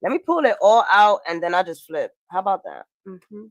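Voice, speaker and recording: A woman's voice: medium pitch, sing-song, a little fast, dry recording. A young woman talks through a casual tarot and astrology reading. She is chatty and swears freely, with laughing asides. Her voice sits in a middle register, recorded dry and close. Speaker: tarot reader.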